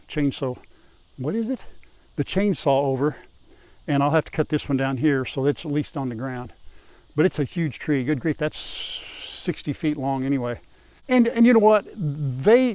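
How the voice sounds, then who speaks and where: A man's voice: a little mellow, no room sound. An older man vlogging outdoors on his farm, chatting casually to viewers while he works around an animal pen. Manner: folksy, chatty, calls out to animals in a high coaxing voice. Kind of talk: casual farm vlog, talking to camera while working.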